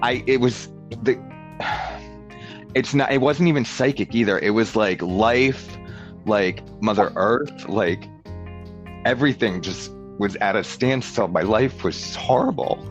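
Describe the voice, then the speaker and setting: A man's voice: lowish voice, takes it slowly, dull audio, soft background music. A man telling a rambling story in casual chat, filling it with "like" and acting out what people said. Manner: rambling storyteller, many "like"s, acts out dialogue. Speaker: podcast guest.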